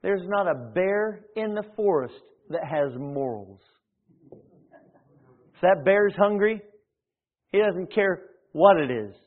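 A preacher, a man with a slightly high voice, delivers a sermon that swells in volume and circles back on his phrases. The sound is thin and tinny, like it's coming through a phone line. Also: animated, measured pace, hardly any pauses. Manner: preaching with sudden swells in volume and many restarts. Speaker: pastor.

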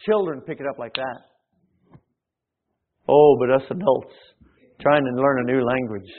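A man's voice: mid-range voice, measured pace, pauses often. A man preaching a sermon as pastor, swelling in volume at times and often restarting his phrases. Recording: tinny phone-like sound.

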